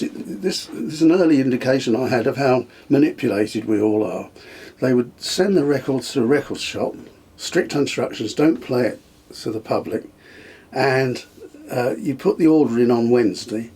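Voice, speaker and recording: An older man, reminiscing in conversation, telling anecdotes with frequent chuckles and halting fillers. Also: medium pitch, darkish tone, slightly rough. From England. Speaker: guest, storyteller.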